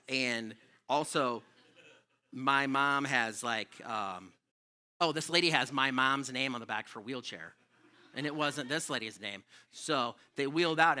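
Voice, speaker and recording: Stand-up comic, male, sharp bright tone, swearing and exasperated in his stories. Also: medium pitch, clean tone. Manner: profane, animated, exasperated storytelling. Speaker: stand-up comedian. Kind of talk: stand-up comedy storytelling. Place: comedy club stage.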